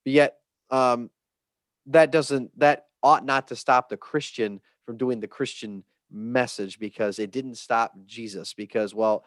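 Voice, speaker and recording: A man hosting a podcast, talking in an earnest, rambling way that turns animated. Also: mid-range voice, measured pace, no room sound. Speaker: podcast host. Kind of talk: casual conversation.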